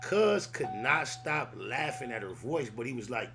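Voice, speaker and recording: A man's voice: mid-range voice, big pitch swings, measured pace, creaky, music in the background. A man hosting a podcast, telling stories casually in loose street slang. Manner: loose, rambling storytelling full of street slang. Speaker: podcast host. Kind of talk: casual chat.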